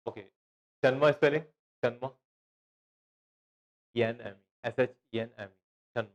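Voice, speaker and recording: A man teaching a language class, slowly drilling words by repeating them and spelling them out. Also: medium pitch, steady tone, muffled recording. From Pakistan.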